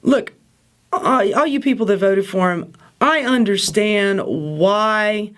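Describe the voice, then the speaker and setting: A woman's voice: mid-range voice, takes it slowly. A woman hosting a casual political commentary show, ranting in an exasperated, sarcastic way. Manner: exasperated, sarcastic, mocking impressions.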